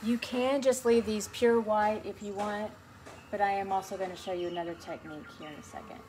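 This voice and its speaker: A woman with a mid-range voice leads a beginners' painting lesson, talking through each stroke as she works. Her manner is chatty and encouraging. Steady background noise sits clearly behind her voice. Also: medium pitch, brisk. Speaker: painting instructor. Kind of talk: relaxed step-by-step painting tutorial.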